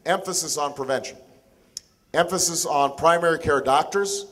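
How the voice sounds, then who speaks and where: A man in his forties giving a town hall speech, measured and deliberate, pausing and restarting as he builds each point. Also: on the high side, a bit bright. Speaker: political candidate.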